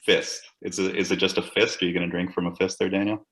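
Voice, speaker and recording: A man's voice: sits low, level tone, quick pace, fairly bright tone. A man hosting a casual podcast, joking crudely and swearing freely. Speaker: podcast host. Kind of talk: casual chat. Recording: roomy echo.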